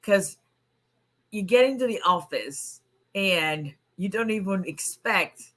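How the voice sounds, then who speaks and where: A hoarse woman immigration attorney on a casual livestream, chatting and greeting viewers by name. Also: mid-range voice, animated, slow pace, bright, forceful tone. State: hoarse, voice nearly gone.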